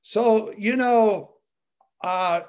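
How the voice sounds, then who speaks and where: Guy with a pretty high voice giving his testimony, rambly, lots of you knows, chuckles a lot. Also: extremely slow, darkish tone. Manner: chatty, many "you know" fillers, chuckles often. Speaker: speaker sharing his testimony with fellow believers. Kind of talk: rambling personal testimony talk.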